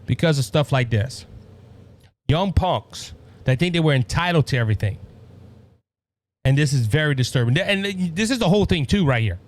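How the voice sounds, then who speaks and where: A man's voice: a little high, lively intonation, normal speed, long pauses, dry recording. A man with a Cajun accent hosting a conservative political commentary show, talking in an impassioned, repetitive way with many stammered restarts. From Louisiana. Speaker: podcast host.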